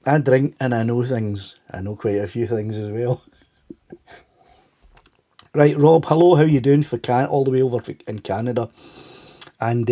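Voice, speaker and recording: A man's voice: medium pitch, dark tone. A middle-aged Scottish man hosting a casual livestream chat, stuffed up with a cold, greeting viewers by name and laughing often. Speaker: livestream host.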